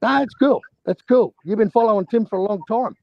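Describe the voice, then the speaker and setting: A high-pitched Australian man with a gravelly edge speaks bluntly and profanely in a heated casual debate. His voice is muffled and lo-fi, as if through an online call mic, and sits dry and close. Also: brisk, dry recording. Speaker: panel guest, boxing fan.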